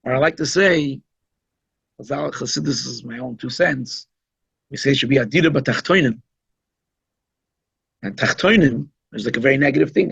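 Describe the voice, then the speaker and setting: A man's voice: mid-range voice, vocal fry, fairly bright tone, breathy edge, dry recording. A man, a rabbi, giving an informal, conversational Chassidic talk at a holiday gathering, emphatic and given to asides. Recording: dull, lo-fi recording.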